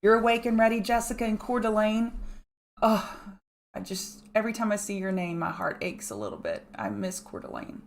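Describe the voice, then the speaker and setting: A middle-aged woman hosting a live pre-market stream, chatty and fast, greeting viewers by name between chart notes, with a strong regional accent. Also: mid-range voice, slight background noise. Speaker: market analyst host.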